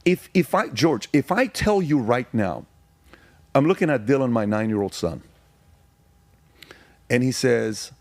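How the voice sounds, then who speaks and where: A man's voice: medium pitch, animated, a little slow, vocal fry, pauses often, no room sound. A middle-aged man giving his testimony as a podcast guest, speaking emphatically and telling stories, repeating phrases to drive points home.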